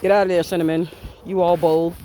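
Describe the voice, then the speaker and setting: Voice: medium pitch, little pitch movement, fairly quick, dark tone, a little hiss or hum. A backyard chicken keeper filming a casual vlog outdoors in a chicken yard, teasing and chatting playfully with the birds.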